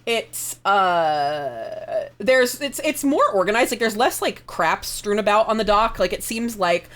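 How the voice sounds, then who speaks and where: A woman's voice: medium pitch, animated, measured pace, a bit bright. Chatty woman game master narrating a tabletop game with casual fillers and laughs.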